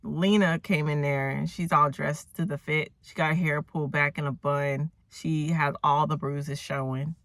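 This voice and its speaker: A woman's voice: deep voice, steady tone, normal speed, hardly any pauses, fairly bright tone, no echo. A woman casually rambling through a movie recap, chatty and slangy, with incredulous asides.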